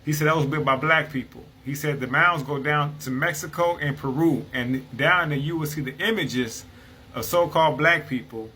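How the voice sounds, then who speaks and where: A man's voice: on the high side, moderate pace, pushed and bright, slight background noise, rough recording. A man reading passages from an old book and explaining them in a casual, conversational way, often checking in with "right?". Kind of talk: casual explanatory talk with read-aloud quotes.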